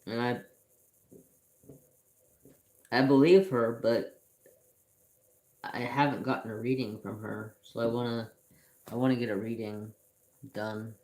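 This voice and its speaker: A man's voice: medium pitch, steady tone, darkish tone. A man hosting a craft channel, telling rambling personal stories in casual chat while he paints at home. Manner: slow, rambling storytelling with restarts.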